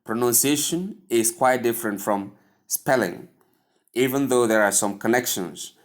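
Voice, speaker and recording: A man's voice: mid-range voice, expressive, unhurried. A man with a Nigerian English accent teaching pronunciation in a video lesson, spelling words out letter by letter and repeating them for practice.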